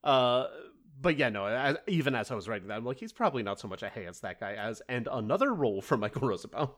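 A man's voice: medium pitch, expressive, fast, fairly bright tone. A man co-hosting a podcast, talking casually with many fillers and restarts. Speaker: podcast co-host. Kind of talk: casual chat.

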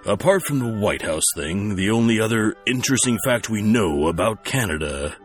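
A man's voice: fairly low pitch, expressive, normal speed, soft background music. A man hosting a comedy podcast with dry, mock-formal scripted narration. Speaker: host.

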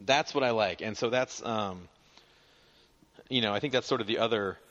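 A man co-hosting a casual podcast chat, self-deprecating and profane, halting with many fillers and restarts. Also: fairly low pitch, fairly bright tone. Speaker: podcast co-host. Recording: muffled lo-fi audio.

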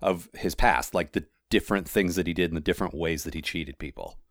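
A man co-hosting a podcast, thinking aloud about a novel in a casual, halting way. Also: low-pitched, fairly bright tone, dry recording, studio quality. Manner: thinks aloud, with fillers and restarts. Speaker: podcast co-host. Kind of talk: casual book discussion.

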